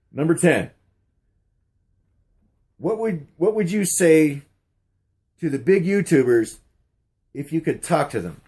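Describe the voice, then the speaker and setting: A man's voice: a little high, animated, takes it slowly, long pauses, darkish tone, husky. Rambling middle-aged man telling stories. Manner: rambling, many uh fillers and restarts. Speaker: YouTuber answering a question tag. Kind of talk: casual storytelling vlog.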